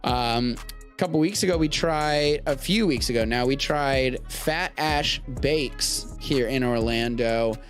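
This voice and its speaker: A man's voice: mid-range voice, measured pace, faint music behind. An American man hosting a live-streamed show, chatting casually in a rambling, jokey way. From United States. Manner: rambling, animated, jokey asides. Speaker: podcast host.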